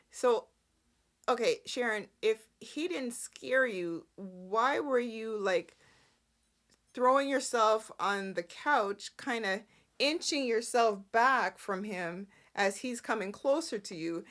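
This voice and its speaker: Slow-talking chatty woman podcaster. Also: a little high, lively intonation, fairly bright tone. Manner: chatty, opinionated, rambling with asides. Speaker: soap opera recap podcast host. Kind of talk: casual recap chat.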